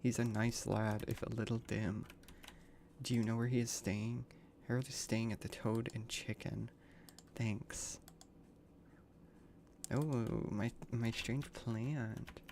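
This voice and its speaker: Gravelly-voiced man swearing through a game. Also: mid-range voice, flat delivery, takes it slowly, pauses often, a little mellow, a little hiss or hum. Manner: crude slang-heavy reactions, swears often; reads game dialogue aloud in a plain voice. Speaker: streamer. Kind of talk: casual gaming livestream commentary.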